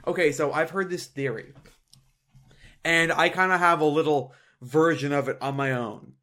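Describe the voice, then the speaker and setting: Animated young man, higher voice. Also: normal speed. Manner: animated, laughs often, does mocking impressions. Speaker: podcast co-host. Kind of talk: casual chat.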